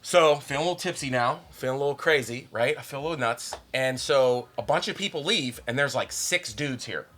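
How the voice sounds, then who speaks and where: A man, a stand-up comedian, telling a profane, excitable story on a podcast, peppered with "like" and "okay?". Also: mid-range voice, fairly quick, hardly any pauses.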